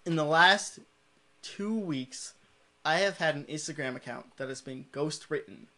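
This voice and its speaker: A man's voice: fairly high pitch, measured pace. Joking, foul-mouthed male podcast host. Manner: joking, profane, animated. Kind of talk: casual chat.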